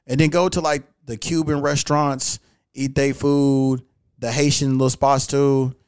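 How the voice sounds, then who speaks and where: A man hosting a podcast, telling animated, profane stories in a casual chat and acting out the quotes. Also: mid-range voice, unhurried, clean tone, no room sound, studio quality. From California. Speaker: podcast host.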